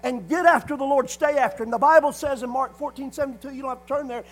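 A man's voice: very high-pitched, quick pace, poor audio. A man preaching a sermon, hammering points through repetition and punctuating them with frequent calls of "amen". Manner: repetitive emphatic phrasing, frequent "amen" call-outs.

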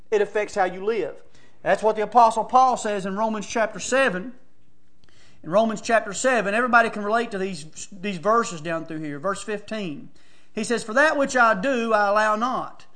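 High-voiced excitable preacher man. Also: moderate pace. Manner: excitable storytelling, rising to shouts; folksy, says "man" and "brother" often. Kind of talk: sermon.

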